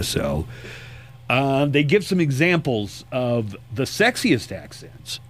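A man hosts a radio talk show in a loose, rambling way, talking into a studio microphone. His voice sits at an ordinary middle pitch. He chats casually and strays from point to point. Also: sing-song, measured pace, slight background noise. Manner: chatty, rambling, gives out call-in number.

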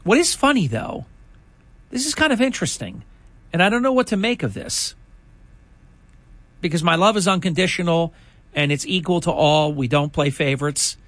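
A man's voice: fairly high pitch, big pitch swings, normal speed, long pauses, a bit bright, dry recording. Indignant older male talk host. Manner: indignant, conversational, rambling asides. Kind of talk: political talk commentary.

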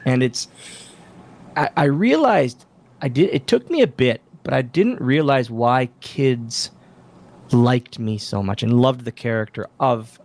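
Gravelly man telling lively stories. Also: medium pitch. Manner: animated anecdotes with acted-out quotes. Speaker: podcast guest, wrestler and wrestling school owner. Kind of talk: casual interview storytelling.

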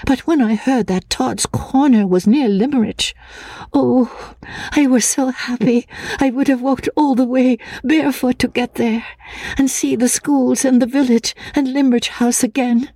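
A woman voicing a timid, fragile young woman haunted by grief, speaking in a breathless, hushed voice that slips into whispers. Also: high voice, fairly even intonation, unhurried, no room sound. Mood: wistful. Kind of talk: audiobook drama acting.

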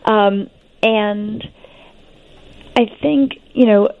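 Gravelly-voiced woman on a tinny line. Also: mid-range voice, drawn-out words. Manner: explanatory, animated, warm reassurance with frequent fillers. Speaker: guest expert and author on adolescence. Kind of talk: interview conversation. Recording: tinny phone-line sound.

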